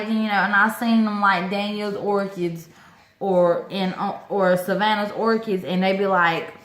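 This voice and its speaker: A woman chatting excitedly to camera about her orchids, talkative, with lots of exclamations. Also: medium pitch, moderate pace, roomy sound. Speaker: orchid-growing vlogger. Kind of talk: casual chat to camera.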